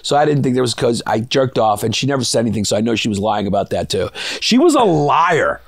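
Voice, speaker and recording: Gravelly New man, casual storyteller. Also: medium pitch, sing-song, fast, no room sound, clean studio sound. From Brooklyn, New York. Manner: rambling, profane, laughs through his stories. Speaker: comedian guest.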